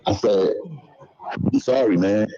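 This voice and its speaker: Slow and fairly low-pitched with a dark tone, a man spins casual stories full of swearing, repetition, and street slang. The sound quality is dull and lo-fi.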